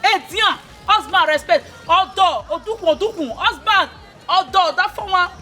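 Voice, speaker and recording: A woman's voice: very high voice, moderate pace, pushed and bright, a faint crowd. A woman playing an older village elder, lecturing in a mix of pidgin and local words.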